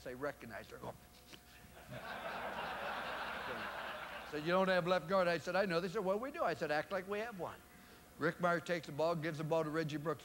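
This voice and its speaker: An older male coach delivering a motivational speech to a room full of listeners, in a voice of ordinary middle pitch. He tells his stories dramatically, acting out the quoted lines and swinging from loud outbursts down to near-hushed remarks, with a faint hiss under the recording. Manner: storytelling, acts out quoted exchanges with sudden loud rises and quiet drops. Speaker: football coach giving a keynote speech. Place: event room before a live audience.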